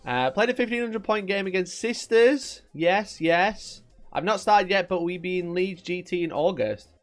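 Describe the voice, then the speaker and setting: Casual streamer guy, slightly high voice with a bouncy, swinging delivery, jokey and a bit sweary, faint music underneath. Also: lively intonation, normal speed. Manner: joking banter with viewers, occasional swearing. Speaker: wargaming livestream host. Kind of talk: casual live-stream chat.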